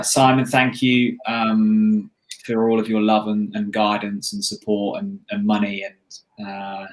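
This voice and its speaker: A man's voice: fairly low pitch, poor audio. A tired man co-hosting a casual livestream, chatty and rambling, often breaking off mid-sentence. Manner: rambling, chatty, self-interrupting. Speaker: livestream co-host.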